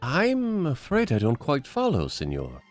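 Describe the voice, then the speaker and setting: A man voicing a smooth-talking male con man posing as a nobleman, with a theatrical fake foreign accent and courtly manner. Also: fairly low pitch, very animated, normal speed, faint music behind. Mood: indignant.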